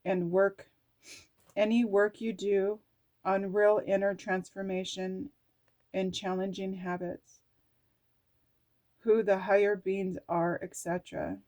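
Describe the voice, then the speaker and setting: Emotional lady reading oracle cards out loud, real slow, musing to herself, swears a bit. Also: mid-range voice, level tone. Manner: emotional, musing aloud, swears casually, drifts between hushed and lifted. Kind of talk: slow personal reflective talk, reading aloud from cards and journal.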